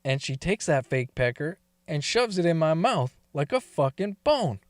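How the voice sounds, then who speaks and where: Crude male storyteller, fairly high voice, dry close recording, laughs through his lines. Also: sing-song, moderate pace, no room sound. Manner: profane, laughs often. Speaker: story reader. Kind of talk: crude first-person storytelling.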